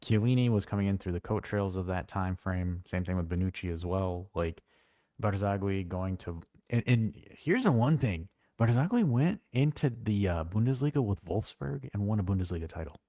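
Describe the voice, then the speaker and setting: A man co-hosting a casual football live stream, blunt and animated, swearing freely as he tells stories. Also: deep voice, normal speed, no echo, studio quality. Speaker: co-host.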